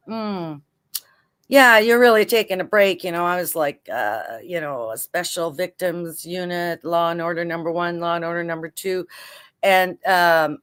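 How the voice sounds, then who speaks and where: An older woman from Canada with a low voice talks as a guest on an interview show. She rambles in a relaxed, chatty way, full of asides and fillers, drawing on years as a prosecutor. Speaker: retired federal prosecutor, guest. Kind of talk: casual interview chat.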